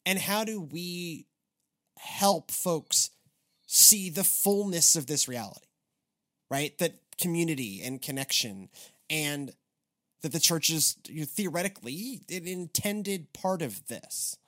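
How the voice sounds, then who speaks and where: A man hosting a church podcast in casual chat, rambling with restarts and animated asides. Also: a little high, slow. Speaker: podcast host.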